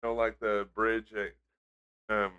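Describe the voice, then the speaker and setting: A man's voice: lowish voice, flat delivery, unhurried, sharp tone, clear, resonant tone. A man co-hosting a podcast, chatty and teasing in casual chat. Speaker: podcast co-host.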